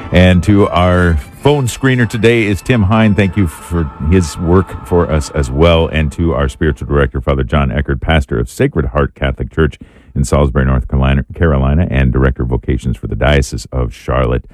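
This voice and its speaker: Deep-voiced guy hosting a radio call-in show, thanks everybody, soft music under him. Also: a little fast. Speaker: radio host.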